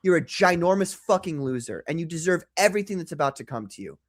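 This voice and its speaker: This host rants hard and swears freely, mixing anger with laughter. The pitch sits in the middle range but swings widely and animatedly. It suits a heated live-stream talk show. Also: expressive, quick pace, no room sound, clean studio sound. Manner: profane, combative, laughs a lot. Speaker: podcast host.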